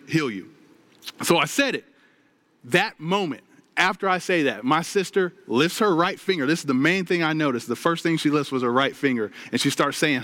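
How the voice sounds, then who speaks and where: A man's voice: fairly high pitch, fairly bright tone. A man preaching from a stage, telling a personal testimony with earnest storytelling and addressing the crowd directly. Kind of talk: sermon testimony.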